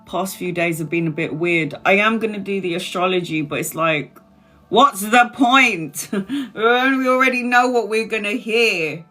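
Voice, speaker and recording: A woman's voice: mid-range voice, normal speed, fairly bright tone, soft background music. A woman in her forties chatting casually on a live stream, self-mocking, swearing and laughing often. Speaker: tarot reader live-streaming.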